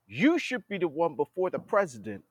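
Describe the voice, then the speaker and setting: A man's voice: on the high side, huge pitch swings, normal speed, dry recording. A man hosting a podcast, giving a blunt political commentary monologue and scolding leaders directly as if they were listening. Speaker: podcast host.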